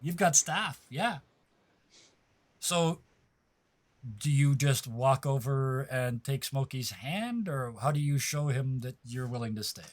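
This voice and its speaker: Running a tabletop game, the game master has an animated, mid-range voice. He keeps things playful, laughs readily, and often breaks off to correct himself.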